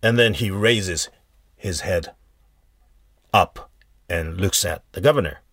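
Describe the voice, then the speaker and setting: Slow, deep-voiced man telling a folk tale. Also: a bit bright, dry recording, clean studio sound. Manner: unhurried, halting retelling with fillers and restarts. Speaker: storyteller. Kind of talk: casual folk tale storytelling.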